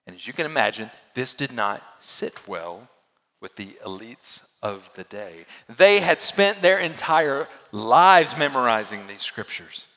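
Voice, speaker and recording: A male pastor delivers a sermon in a bright, forceful voice that swings widely in pitch. He pushes hard on key phrases and then falls to quiet, hushed lines. The sound carries a long reverb, as in a large hall. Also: big pitch swings, a little slow. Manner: dynamic preaching, swinging from loud emphasis to hushed lows.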